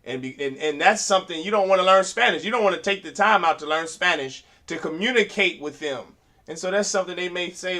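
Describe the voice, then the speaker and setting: A man teaching a class in an emphatic preaching style, asking rhetorical questions and rising to loud, forceful delivery. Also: sits high, fast talker. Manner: uses rhetorical questions and quoted voices.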